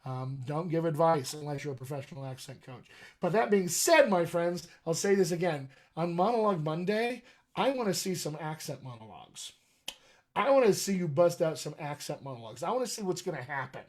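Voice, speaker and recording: A man's voice: fairly high pitch, animated, fairly quick. A man who works as a dialect coach, talking casually on a live stream with many ums and repeated pleas. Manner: chatty, many ums, pleading repetitions. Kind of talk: live-streamed talk to an online group.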